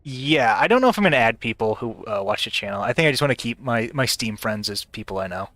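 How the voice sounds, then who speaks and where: A man's voice: medium pitch, expressive, fast, a bit bright, no echo. A man streaming live gameplay, talking casually and rambling with many restarts and frequent laughter. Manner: rambling, stammering, laughing often.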